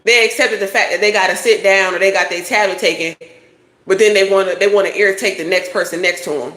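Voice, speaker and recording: A woman's voice: mid-range voice, steady tone, fast, a bit bright, roomy sound. A woman doing a casual tarot reading, talking bluntly with lots of swearing and preachy advice. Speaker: tarot reader.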